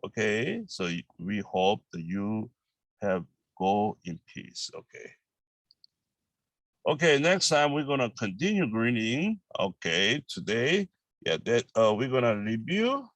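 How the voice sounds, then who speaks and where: A middle-aged man with a Korean accent, teaching a relaxed language lesson, explaining slowly in halting English with many fillers and repeating Korean phrases quickly. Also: lowish voice, no echo, low-quality recording.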